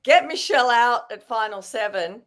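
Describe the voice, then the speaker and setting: A woman chatting as a podcast guest, telling stories in an animated way. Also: on the high side, moderate pace, a crowd in the background. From Australia. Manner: chatty, animated storytelling with fillers. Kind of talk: casual podcast chat.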